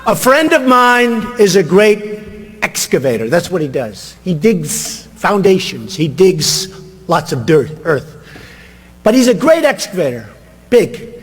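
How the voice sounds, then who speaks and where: Older male candidate at a rally, high-pitched, boastful and rambling, booming hall echo. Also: very animated, measured pace, slightly rough. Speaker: political candidate. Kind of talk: campaign rally speech. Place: large rally venue. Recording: reverberant hall, long echo.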